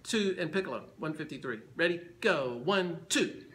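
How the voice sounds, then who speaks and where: A man's voice: on the high side, animated, normal speed. A man conducting a band rehearsal, counting the players in and singing phrases to show how they should sound. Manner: counts in, sings phrases to demonstrate. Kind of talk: rehearsal instruction. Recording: band music in the room. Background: band playing.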